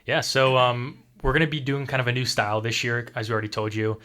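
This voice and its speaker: A young man hosting a casual studio chat, relaxed and conversational. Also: mid-range voice, fast talker. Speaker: host.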